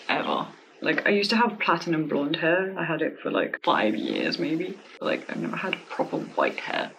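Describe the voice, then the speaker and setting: A woman's voice: lowish voice, slight background noise, poor audio. Giggly, gushing woman vlogger. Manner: gushing and excitable, many "like" fillers, giggly. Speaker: beauty vlogger reviewing a wig. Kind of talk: casual product review. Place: at home.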